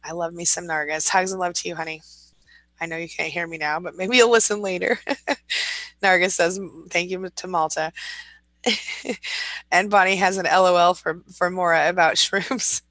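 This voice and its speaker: Brief: woman in her forties, livestream host, bright and forceful, slightly low voice, dry close sound, upbeat and quick to laugh. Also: steady tone, no echo, low-quality recording. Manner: upbeat, laughs often, reads comments aloud. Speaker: livestream host reading viewer comments. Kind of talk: casual morning live chat.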